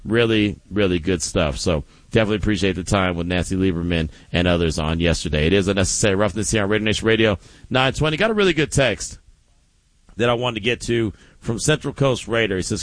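A middle-aged man hosting a sports radio show, chatting casually and telling stories in an animated way. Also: on the low side, quick pace, no echo. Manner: animated storytelling with laughs.

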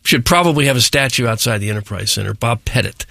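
A man's voice: mid-range voice, lively intonation, fast, creaky, sharp tone, no room sound. A man co-hosting a sports radio show, speaking in a dry, matter-of-fact way.

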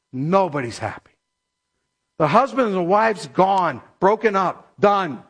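A pastor delivers a sermon in a notably high voice. He preaches emphatically and slows down to stress the scripture he quotes. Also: big pitch swings, a bit bright. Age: middle-aged or older.

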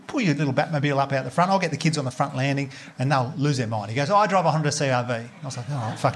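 A man's voice: fairly high pitch, noisy background. Swearing Australian man telling stand-up. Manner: lively, swearing, laughing through punchlines, quoting people in raised voices. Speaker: stand-up comedian. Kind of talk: stand-up storytelling.

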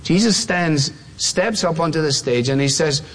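A man preaching a sermon, emphatic and repetitive, leaning on slow stressed words. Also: a little high, a bit bright. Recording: long reverb of a large hall.

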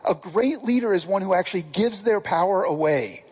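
Preacher for a casual, conversational sermon; husky tone, pitch rises and falls a lot. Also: animated, moderate pace, a little mellow, poor audio. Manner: casual, asks the listeners direct questions.

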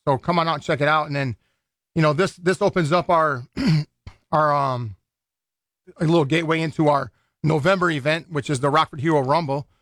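Midwest guy on studio mic, kinda high voice, rambles and restarts a lot, dry close sound. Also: moderate pace, fairly bright tone, dry recording. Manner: rambling, loose, many restarts and fillers. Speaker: boxing event organizer. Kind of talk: casual radio interview. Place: radio studio. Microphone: studio microphone.

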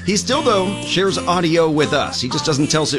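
A male morning radio host jokes with his co-host in animated, chatty banter. His slightly high voice swings widely in pitch, with a faint music bed underneath. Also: normal speed.

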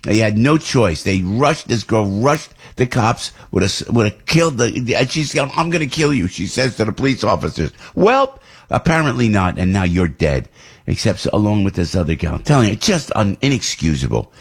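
A man's voice: fairly low pitch, sing-song, moderate pace, breathy edge. An older man hosting talk radio, delivering an indignant, repetitive opinion monologue. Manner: indignant ranting, repeats himself. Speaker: radio host.

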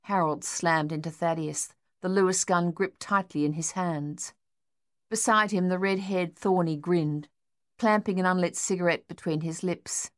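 In this scripted audiobook narration, a woman reads in a measured, even way. Her voice sits on the low side.

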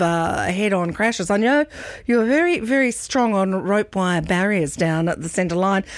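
An Australian woman hosts a radio show in a friendly, slightly hesitant manner with filler words. Her voice sits at a middle pitch. The studio sound is close and dry. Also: no room sound. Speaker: radio host. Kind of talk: radio interview.

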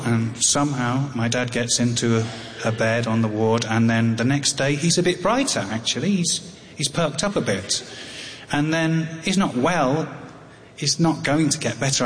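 A middle-aged English man tells a personal story live, halting and restarting with a wry edge. His voice sits at an ordinary pitch. It carries a long hall reverb over faint background noise. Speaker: storyteller on tour.

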